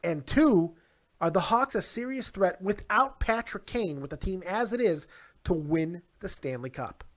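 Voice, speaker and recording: High-voiced upbeat male sports host. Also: animated, measured pace. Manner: upbeat, jokey, brings in the guest with hype. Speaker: podcast host. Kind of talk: casual sports talk show. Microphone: Skype call.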